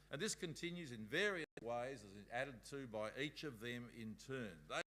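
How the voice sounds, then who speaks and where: A man's voice: medium pitch, lively intonation, moderate pace, few pauses, bright, forceful tone. A man speaking at a Bible school, giving a conversational talk and reading passages aloud.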